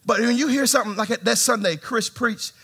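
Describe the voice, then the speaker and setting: A man preaching a sermon in a church, animated, with swings from shouts to hushed tones and humor aimed at the congregation. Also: very high-pitched, brisk, breathy edge. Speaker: pastor. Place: church sanctuary.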